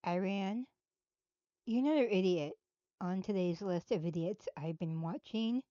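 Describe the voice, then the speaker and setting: A woman's voice: medium pitch, measured pace, dark tone, dry recording. A woman hosting a casual live commentary, blunt and sarcastic. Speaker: host. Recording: dull dry lo-fi.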